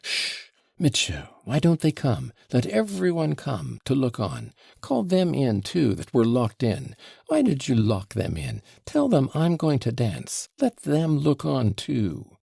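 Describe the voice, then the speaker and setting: A man putting on a high, pleading young woman. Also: wildly swooping pitch, slow pace, vocal fry, mellow, slightly rough, dry recording, studio quality, heavily acted. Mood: excited. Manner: pleading, breathless. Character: impulsive, emotional young woman, drunk and pleading.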